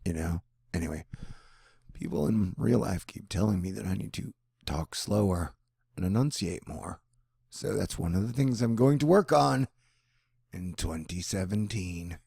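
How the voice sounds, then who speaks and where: Gravelly man rambling to camera. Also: low-pitched, a little slow, no echo, clean studio sound. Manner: rambling, animated, slips into mock voices. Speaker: vlogger. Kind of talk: rambling personal monologue.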